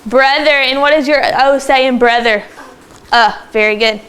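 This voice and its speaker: A woman teaching a second grade phonics lesson in a classroom, brisk and encouraging as she calls on pupils by name. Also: high-pitched, a bit bright, clear, resonant tone. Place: classroom with children.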